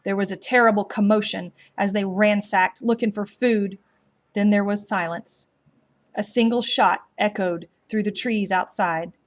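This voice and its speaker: Woman slowly reading a storybook aloud. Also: medium pitch, fairly even intonation. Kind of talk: storybook read-aloud narration.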